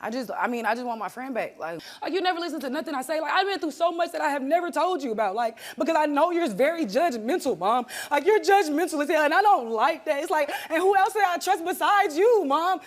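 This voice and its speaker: High-pitched, fast-talking young woman. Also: lively intonation. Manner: blunt, emotional, repeats herself, says "like" and "Mom" a lot. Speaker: guest. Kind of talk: emotional talk show confrontation.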